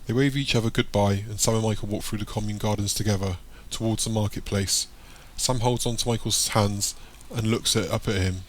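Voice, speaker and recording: A man's voice: fairly low pitch, fairly even intonation, fairly quick. Man reading an audiobook. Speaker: audiobook narrator. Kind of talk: audiobook narration.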